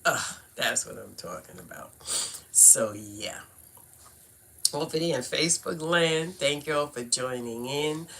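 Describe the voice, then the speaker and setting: A woman's voice: rumbling low, lively intonation, takes it slowly, gravelly, fairly bright tone. Chatty Brooklyn woman hosting a livestream. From Brooklyn, New York. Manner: chatty, laughs often, playful asides to viewers. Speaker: livestream host teaching cardology. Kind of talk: casual livestream chat.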